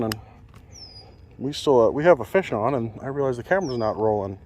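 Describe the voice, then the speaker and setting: A man's voice: medium pitch, lively intonation, brisk, pauses often, slight background noise. A man talking casually to his viewers while bank fishing, recorded on a chest-mounted camera, chatty and self-deprecating. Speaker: fishing vlogger. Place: outdoors on a lake bank.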